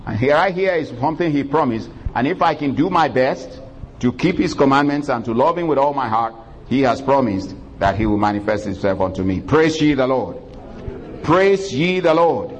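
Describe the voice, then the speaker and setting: Man preaching a sermon, drawn-out praise. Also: mid-range voice, a little hiss or hum, poor audio. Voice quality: old-fashioned scripture reading. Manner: preacherly, drawn-out calls of praise and call-and-response. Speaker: pastor. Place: church.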